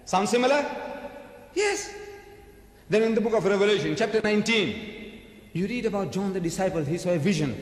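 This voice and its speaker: A man's voice: high voice, quick pace. A man giving an emphatic religious lecture to an audience, asking rhetorical questions and answering them himself. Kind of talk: sermon-style religious lecture. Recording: echoey hall recording.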